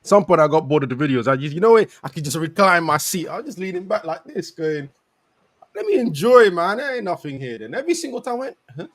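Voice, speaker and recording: A man with a high, very lively voice chats casually as a podcast co-host. He tells his stories animatedly and laughs often. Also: quick pace, few pauses, dry recording. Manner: animated storytelling with lots of laughing. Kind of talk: casual chat.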